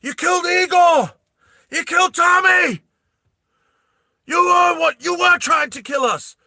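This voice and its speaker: A man voicing an enraged soldier with a New York accent, shouting high and loud. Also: unhurried, dry recording, studio quality, full character voice. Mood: furious.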